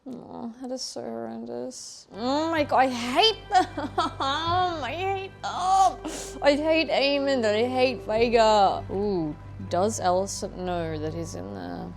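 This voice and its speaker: Excitable young woman reacting to a show. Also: fairly high pitch, unhurried, creaky, hardly any pauses, faint music behind. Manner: excitable, gasping, exclaiming. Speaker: reaction video host. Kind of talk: casual reaction commentary.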